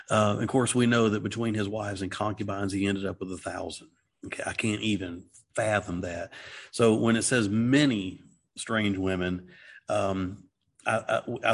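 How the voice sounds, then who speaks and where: A man's voice: fairly low pitch, slightly rough. A middle-aged man talking through a Bible passage in casual discussion, earnest and rambling, with many restarts and "okay"s. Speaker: Christian teacher.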